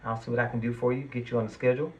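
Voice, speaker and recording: A man's voice: mid-range voice, level tone, racing, poor audio. A man giving a tarot reading to his viewers, earnest and reassuring, at times getting worked up and emphatic. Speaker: tarot reader.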